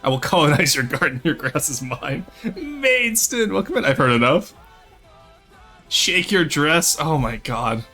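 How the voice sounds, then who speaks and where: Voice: medium pitch, a little slow, pushed and bright, soft background music. A VTuber streamer chatting casually with viewers at home, teasing and laughing often. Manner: joking and teasing, laughs often, talks straight to chat. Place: home, second-floor room.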